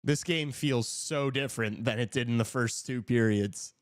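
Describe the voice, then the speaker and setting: A man hosting a casual live talk show, reacting to a hockey game with excited outbursts and jokes. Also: mid-range voice, moderate pace, dry recording, studio quality. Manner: excitable, shouts at big plays, joking. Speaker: podcast host watching a hockey game.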